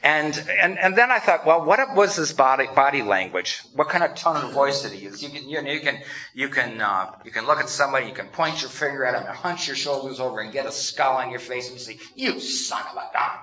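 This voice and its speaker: A male pastor delivers a sermon in a bright, fairly high voice that swings widely in pitch. He talks conversationally and acts out the lines he quotes. The recording is dull and lo-fi. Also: lively intonation, a little fast. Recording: dull lo-fi sound.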